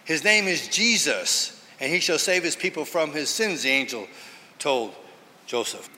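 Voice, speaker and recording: A man's voice: on the high side, expressive, a little slow, bright, forceful tone. A man teaching from the Bible in an earnest, emphatic sermon style. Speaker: preacher. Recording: hall reverb.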